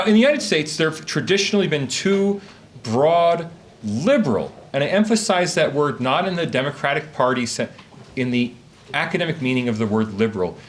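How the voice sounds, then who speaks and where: A man's voice: medium pitch, slight background noise. A man, an academic, giving a conference talk to a live audience, speaking from notes in a questioning lecture style. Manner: lively, questioning lecture delivery. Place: conference room.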